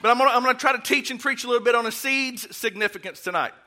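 A middle-aged man preaches in a church sanctuary, folksy and full of jokes. His voice sits high for a man and rings sharply bright. He swings easily into loud, fired-up preaching. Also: rapid-fire. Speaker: guest preacher. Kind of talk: sermon.

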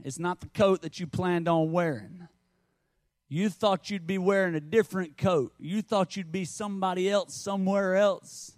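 A man's voice: high voice, darkish tone, dry recording. Conversational preacher man, dry sound. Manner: conversational preaching, storytelling with asides. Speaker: pastor. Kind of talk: sermon.

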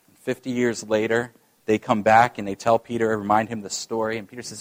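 A man's voice: fairly low pitch, little pitch movement, fairly quick. A man preaching a sermon as pastor, talking conversationally and addressing the congregation directly, with some self-deprecating remarks.

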